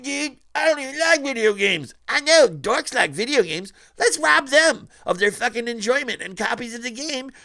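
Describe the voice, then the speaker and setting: A man's voice: high voice, vocal fry, a bit bright, voice pushed up, exaggerated voice. A man voicing a greedy scalper dude in a mocking, sneering, profane way.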